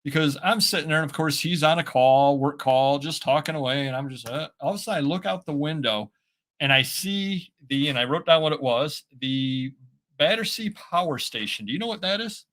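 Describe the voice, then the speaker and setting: A man co-hosting a casual live stream, rambling with many fillers and pauses. His speech is slightly slurred, and his voice sits a little higher than most men's. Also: a bit bright. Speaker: co-host of a reselling show.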